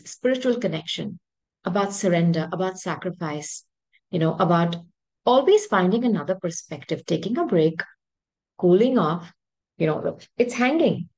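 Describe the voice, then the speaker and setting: A woman's voice: lowish voice, a little mellow, poor audio. A woman giving a spoken tarot reading straight to her viewers, emphatic and rambling. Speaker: tarot reader.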